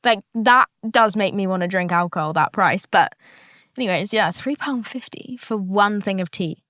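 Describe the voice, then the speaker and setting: A woman's voice: medium pitch, moderate pace, fairly bright tone, no echo. A young woman, hosting a casual solo podcast, candid and chatty and swearing freely. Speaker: podcast host.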